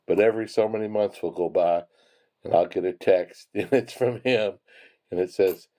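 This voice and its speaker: Deep-voiced man chuckling through stories. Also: moderate pace, dark tone. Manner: chuckling, rambling anecdotes. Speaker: penny hoarding hobbyist. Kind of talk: casual storytelling while sorting coins.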